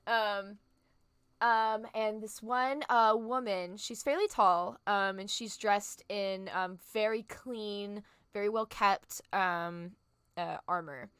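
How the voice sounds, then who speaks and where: A woman's voice: medium pitch, fairly even intonation, takes it slowly, a bit bright, clear, resonant tone, dry recording. A woman narrating as game master of a tabletop game, descriptive and full of fillers. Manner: descriptive, filler-heavy, laughs easily.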